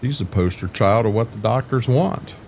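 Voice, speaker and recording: A man's voice: on the low side, moderate pace, darkish tone, slight background noise. An older man hosting a livestream, chatting casually with viewers in a rambling way, restarting sentences often and cursing mildly. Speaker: livestream host. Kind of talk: casual chat while streaming a farming game.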